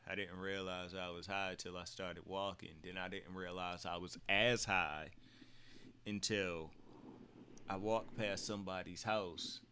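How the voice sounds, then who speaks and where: A man's voice: deep voice, steady tone, a little slow, bright, forceful tone, slight background noise. A young man chatting casually as a co-host, telling loose stories with plenty of swearing and laughter. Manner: laid-back storyteller, heavy swearing, laughs often. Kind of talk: casual chat.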